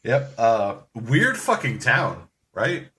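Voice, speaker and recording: Slow-talking joking man. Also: mid-range voice, big pitch swings, pushed and bright. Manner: laughs often, joking and profane. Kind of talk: casual movie review chat.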